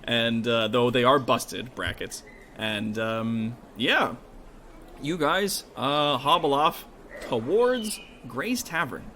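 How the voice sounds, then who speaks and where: A man's voice: medium pitch, lively intonation, takes it slowly, sharp tone, slight background noise. A man narrating as game master in a casual, rambling way, full of fillers.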